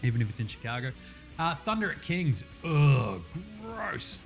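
Host: Australian man, loud and sweary, casual podcast chat, faint music bed. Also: mid-range voice, sing-song, normal speed. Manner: loud, profane, joking.

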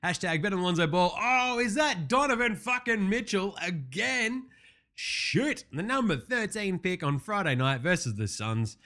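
A man's voice: high-pitched, bright, forceful tone. Brash, swearing man. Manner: profane, brash, wisecracking. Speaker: podcast host. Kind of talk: casual sports recap.

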